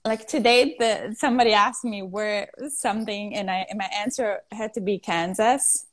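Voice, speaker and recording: A woman's voice: medium pitch, moderate pace. A woman with an Italian accent, whose first language is Italian, chatting playfully on a live stream and laughing often as she searches for English words. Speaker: actress co-hosting a live stream. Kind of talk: casual live-stream chat. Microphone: phone on a live video stream.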